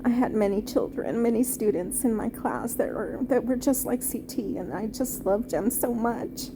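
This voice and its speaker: A woman and former teacher reviewing a film off the cuff, halting and heartfelt, with many fillers and restarts. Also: on the high side, background noise. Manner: tender, heartfelt.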